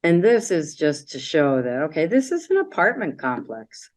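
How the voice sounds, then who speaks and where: A woman's voice: low-pitched, big pitch swings, normal speed. A middle-aged woman casually presenting travel slides, chatty and a bit meandering, with fillers and trailing sentences. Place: library community room.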